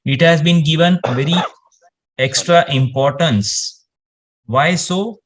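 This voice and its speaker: A man's voice: fairly high pitch, takes it slowly, pauses often. A man, explaining space science in casual conversation and rambling with lots of "you know" fillers.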